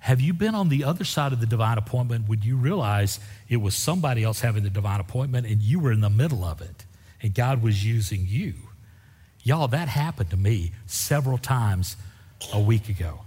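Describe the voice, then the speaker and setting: A man preaching in a church sanctuary tells folksy stories, his voice swinging widely and lively in pitch. He speaks fairly quickly with a breathy edge, and the echoey hall adds long reverb.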